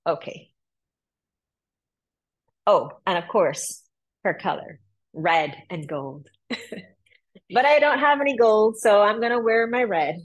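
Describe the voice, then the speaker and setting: A woman's voice: medium pitch, lively intonation, takes it slowly, long pauses, muffled recording. A woman yoga teacher telling a story in a chatty, casual way, laughing often, then guiding a practice.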